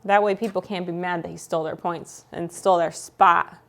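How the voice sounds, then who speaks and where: A woman's voice: fairly low pitch, fairly even intonation, fairly quick, creaky. Woman streamer, casual playful chat with viewers, teasing tone. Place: home.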